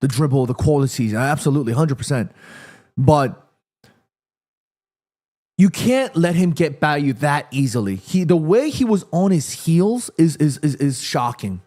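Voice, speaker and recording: A man hosting a live football watchalong, reacting excitedly to the play and reading viewer comments aloud. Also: fairly high pitch, a little slow. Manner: chatty, addresses viewers and reads their comments. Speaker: watchalong host.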